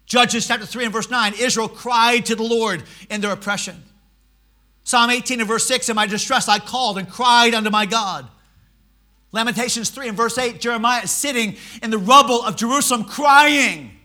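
Man preaching a sermon, very high voice, bright and forceful, shouting then dropping to a hush. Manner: preaching with sudden shouted swells and hushed drops. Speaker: pastor. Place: church.

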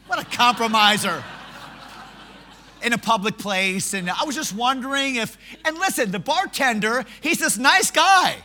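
A man preaching a sermon, telling stories in an animated, self-mocking way. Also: very high voice, moderate pace, a little hiss or hum.

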